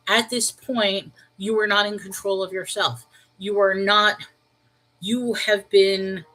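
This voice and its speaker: A middle-aged woman hosting a casual livestream, chatting with viewers, laughing often, and slowing down to give earnest spiritual advice. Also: mid-range voice, fairly bright tone, low-quality recording. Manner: earnest and slow when giving spiritual advice. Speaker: host of a Bible livestream.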